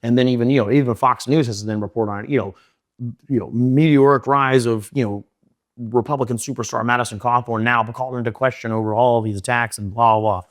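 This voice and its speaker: A young man telling his story in an interview, rushing in run-on sentences full of fillers and restarts. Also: medium pitch, fairly even intonation, no room sound, studio quality. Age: young adult. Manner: fast, run-on talk with many fillers and restarts. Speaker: interview guest.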